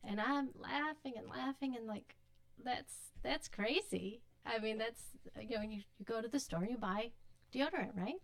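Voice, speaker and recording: A woman's voice: fairly high pitch, normal speed. A woman speaking as a podcast guest in casual chat, telling practical stories in a chatty way.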